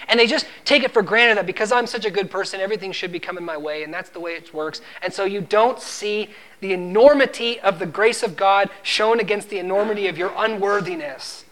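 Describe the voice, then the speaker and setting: Speaking fairly fast with barely a pause and a fairly bright tone, a man delivers a sermon full of scripture quotes. He presses his points emphatically, rising in pitch and volume, and acts out what the servant says.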